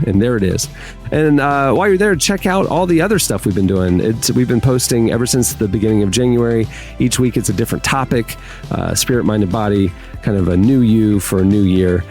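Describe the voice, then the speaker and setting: A man's voice: mid-range voice, gravelly, a little mellow. A man hosting a podcast, reading show notes and a sponsor message in an upbeat, promotional way. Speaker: podcast host.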